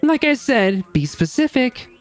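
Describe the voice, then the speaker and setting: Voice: high-pitched, sing-song, unhurried, faint music behind, pitched above the performer's own voice. A streamer voicing a gleeful, sadistic game-show host in a game, with mocking showman patter. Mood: taunting. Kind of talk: reading game dialogue aloud.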